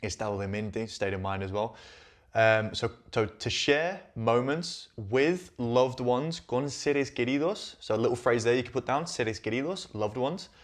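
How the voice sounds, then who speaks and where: A man teaching Spanish, walking slowly through on-screen sentences and repeating each phrase before translating it. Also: mid-range voice. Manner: patient, repeats phrases, thinks aloud.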